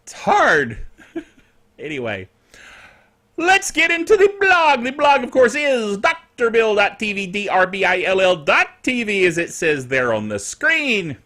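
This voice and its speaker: A man with a high, bright voice runs a casual tech netcast. His pitch swings widely as he rambles through the news with chatty asides. He chuckles often at his own jokes. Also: huge pitch swings, unhurried. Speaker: tech show host.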